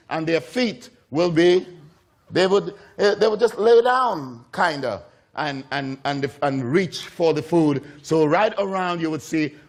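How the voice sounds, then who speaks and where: A man's voice: a little high, vocal fry. A man preaching a sermon, telling a story with repeated phrases and acting out the voices of the people in it. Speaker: pastor.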